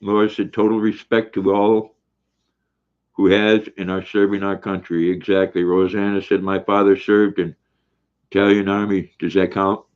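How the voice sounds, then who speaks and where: A man's voice: deep voice, level tone, normal speed, clear, resonant tone. An older man hosting a casual livestream, reading viewers' comments aloud in a folksy way while eating. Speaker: livestream host. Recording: dull lo-fi stream audio.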